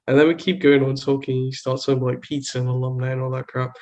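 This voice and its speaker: A young man with a Trinidadian accent, chatting casually on a podcast. He tells animated stories, with "like" in nearly every phrase, at a medium pitch. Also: rapid-fire. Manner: animated storytelling, lots of filler "like". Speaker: podcast host. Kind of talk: casual chat.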